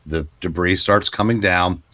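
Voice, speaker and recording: A man in his sixties, co-hosting a comic book podcast, retelling a story at length in a relaxed, casual way. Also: deep voice, unhurried. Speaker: podcast co-host.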